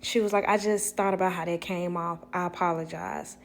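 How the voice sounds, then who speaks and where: A woman tells a casual story to camera. She is animated and lively, acting out what people said. She laughs often as she talks. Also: fairly low pitch, a little fast, vocal fry, slight background noise. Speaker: storyteller vlogger.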